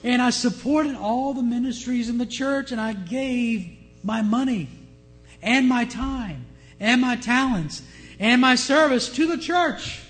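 A man's voice: very high voice, unhurried, fairly bright tone, faint music behind, voice pushed up. A man preaching, voicing an older man who lists his good deeds at heaven's gate and grows desperate. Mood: boastful. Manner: boastful, then desperate.

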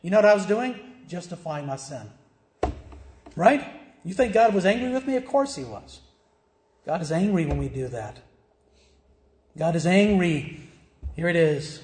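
A man's voice: fairly high pitch, darkish tone. A middle-aged male pastor preaching a sermon, emphatic, firing rhetorical questions and answering them himself. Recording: echoey church room.

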